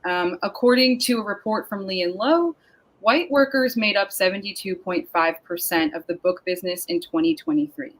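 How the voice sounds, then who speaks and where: A woman hosting a panel discussion over a video call, speaking in an upbeat, emphatic and deliberate way. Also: mid-range voice, big pitch swings, poor audio. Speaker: panel host and moderator. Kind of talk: scripted-sounding webinar introduction.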